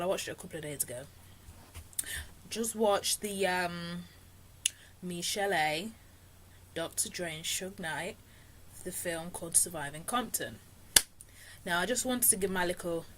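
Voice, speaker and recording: A woman's voice: on the low side, a bit bright, a little hiss or hum, rough recording. A young woman vlogging a casual film review, retelling the story in a chatty, slangy way with lots of fillers and asides. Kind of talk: casual chat.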